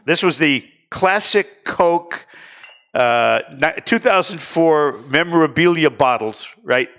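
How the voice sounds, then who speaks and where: A middle-aged man hosting a casual talk show, telling lively stories and chatting with his guests. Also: a little high, slow pace. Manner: chatty, animated anecdote teller. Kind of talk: casual studio chat and storytelling.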